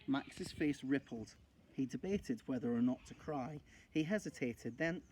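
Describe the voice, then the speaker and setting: A male primary school teacher reading a children's novel aloud in a steady, expressive way. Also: mid-range voice, moderate pace, husky.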